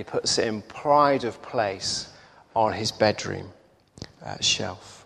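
A man preaching, telling a parable in an unhurried storytelling manner with small repetitions. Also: fairly low pitch, gravelly, a bit bright, slightly rough. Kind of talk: sermon storytelling. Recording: echoey hall reverb.

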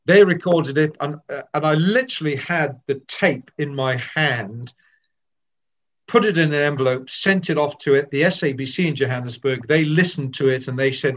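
An older man, a veteran sports broadcaster with a slightly high voice, tells self-deprecating stories at a normal speed in a reflective interview, often restarting his sentences. The recording has a slightly dull lo-fi sound.

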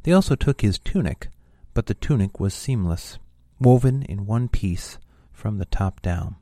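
A man reading a Gospel passage aloud in a measured, steady way. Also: lowish voice, no room sound, studio quality. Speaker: scripture reader.

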